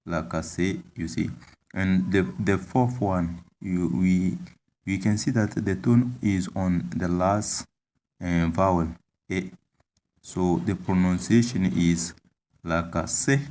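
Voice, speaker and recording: A man giving a language lesson, speaking haltingly with many fillers and repeating example words. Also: sits low, darkish tone, a little hiss or hum. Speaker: language teacher.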